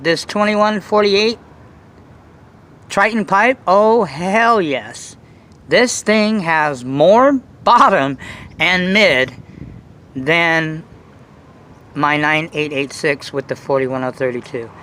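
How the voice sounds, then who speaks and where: A man talking to camera about his hobby in a casual, boastful, rambling way, full of restarts and excitement. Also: a little high, slow pace, pauses often. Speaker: RC nitro hobbyist vlogger.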